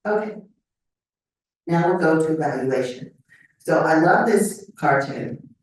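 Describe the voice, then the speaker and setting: An older woman with a fairly low voice lectures to a live audience, keeping it conversational and often checking in with "okay?". She sounds set back from the mic, and a strong echo fills the hall around her. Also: lively intonation, measured pace. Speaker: memory lecturer. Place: lecture room. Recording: echoey hall mic from a distance.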